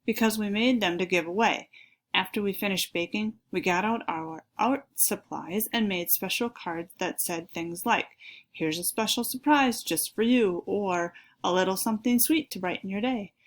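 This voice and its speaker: A woman's voice: mid-range voice, moderate pace, natural voice. A woman voicing a bossy, tattling girl who teases her brother, in a children's story read aloud. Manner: bossy, teasing. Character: bossy, tattling older sister.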